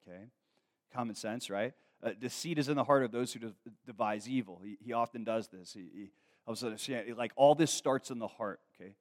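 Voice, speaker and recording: A man's voice: mid-range voice, a little fast. Casual storytelling young male preacher. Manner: conversational, many fillers, builds to excited storytelling. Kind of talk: sermon with personal stories.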